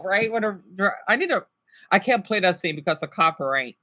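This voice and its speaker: A woman's voice: a little high, big pitch swings, brisk, pushed and bright. A woman streaming live and chatting casually with her viewers.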